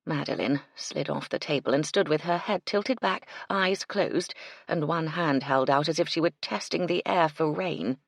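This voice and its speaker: A woman narrating a mystery audiobook in an expressive storytelling manner, on a close mic. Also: low voice, normal speed, creaky, no room sound. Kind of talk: scripted narration.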